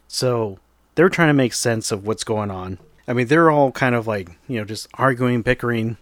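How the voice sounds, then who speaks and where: A man's voice: mid-range voice, moderate pace, dry recording. A man casually retelling a movie's plot in a loose, rambling way, filled with "you know" and "like".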